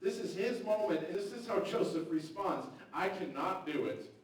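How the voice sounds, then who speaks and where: A man's voice: high voice, expressive, normal speed. A man preaching a sermon in a church, talking in a loose, conversational way and acting out quotes from the story. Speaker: pastor. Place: church sanctuary. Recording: very echoey hall, mic far off.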